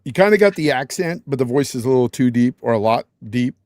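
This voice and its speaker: A man's voice: mid-range voice, lively intonation, fast, darkish tone, no room sound, studio quality. A man hosting a casual gaming podcast, loose and joking, full of fillers and restarts. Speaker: podcast host.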